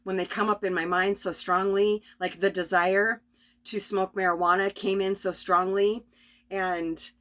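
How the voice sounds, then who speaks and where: A middle-aged woman rambling through a spontaneous spiritual vlog from her RV, tired and coughing, with many restarts and soft laughs. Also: medium pitch, little pitch movement, a little slow. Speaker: vlogger. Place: at home in an RV.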